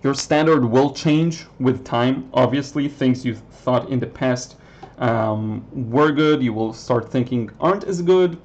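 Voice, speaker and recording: A man's voice: mid-range voice, measured pace, darkish tone, muffled recording. A man, a Hebrew speaker, chatting casually on a painting livestream and answering questions with many ums. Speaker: watercolor artist hosting a livestream. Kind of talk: casual live chat while painting.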